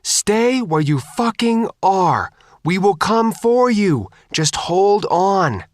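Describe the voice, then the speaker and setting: A woman's voice: low voice, big pitch swings, moderate pace, fairly bright tone, no room sound, clean studio sound, voice pushed up. A man reading an audiobook voices a frantic young woman boat captain who swears and panics. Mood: shouting orders.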